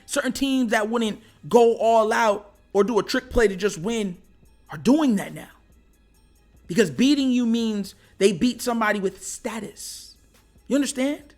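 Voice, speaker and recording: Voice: medium pitch, a bit bright. A sports show host ranting casually as a fan, with slangy trash talk and frequent laughter between lines.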